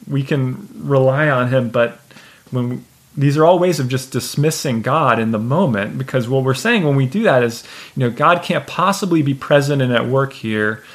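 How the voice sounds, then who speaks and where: Gravelly-voiced man preaching casually. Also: mid-range voice, a bit bright. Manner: conversational, many fillers, shifting pace. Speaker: pastor. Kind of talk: casual sermon.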